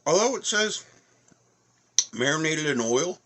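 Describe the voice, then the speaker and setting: A middle-aged Nova Scotian man with an Atlantic Canadian accent rambles through a casual food tasting review, eating as he talks and using lots of fillers. His voice is a little high and a bit bright, with big pitch swings, a measured pace, and a little hiss or hum.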